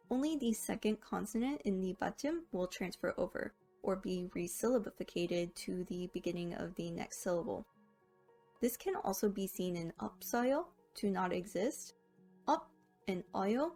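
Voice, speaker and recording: Woman explaining pronunciation rules, bit of vocal fry, soft music in back. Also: medium pitch. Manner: clear, careful explanation with slow, drawn-out example words. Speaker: language teacher. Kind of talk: scripted lesson narration.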